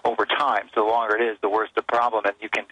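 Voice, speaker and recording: Fast-talking, forceful male physician guest. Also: fairly low pitch, flat delivery, slightly rough, no room sound, dull audio. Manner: fast, earnest, explanatory, with frequent restarts. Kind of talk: radio interview guest explaining health advice.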